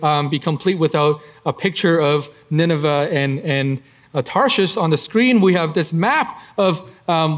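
A man preaches and teaches through a Bible passage conversationally, his voice a little high. He uses frequent fillers and tag questions such as "right?".

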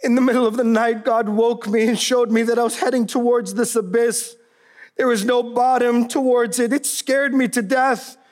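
A young woman, broken and repentant, pleads through tears in a high, pressing voice, as a male narrator puts her on. The pitch climbs well above his usual reading. The delivery stays urgent and searching. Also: flat delivery, moderate pace, a little mellow, lightly acted. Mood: urgent pleading. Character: young adult daughter, sobbing and repentant.

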